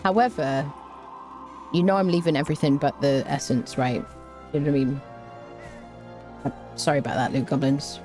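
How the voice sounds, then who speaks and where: A woman's voice: a bass voice, steady tone, normal speed, long pauses, dark tone, soft background music. A woman streaming a game, chatting playfully with her viewers and humming little tunes as she plays. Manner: chatty, playful, hums and scats while playing; talks to chat, greets viewers. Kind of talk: casual gameplay commentary.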